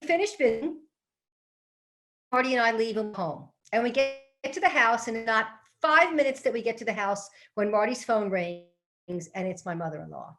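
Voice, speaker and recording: A middle-aged woman giving a live webinar from her home office, telling a personal story in a lively, chatty way and speaking directly to her listeners as a professional speaker. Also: on the high side, normal speed. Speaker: professional speaker and organizing expert. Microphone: computer mic on a live webinar.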